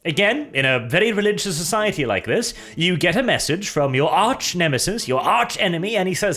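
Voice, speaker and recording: A man casually retelling lore as a storyteller, animated and jokey, with asides and laughter. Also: high-pitched, a little fast, hardly any pauses.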